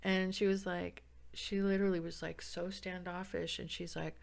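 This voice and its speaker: A woman from San Diego, a podcast guest, telling stories in a lively casual chat. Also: fairly low pitch, moderate pace, creaky, hardly any pauses. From San Diego, California. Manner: animated, acts out other people's lines in the stories.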